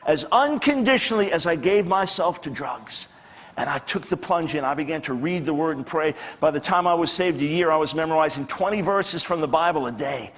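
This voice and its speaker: High-voiced man giving testimony in a hall. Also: animated, a little fast, fairly bright tone. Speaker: speaker giving a personal testimony. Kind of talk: personal testimony. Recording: reverberant hall.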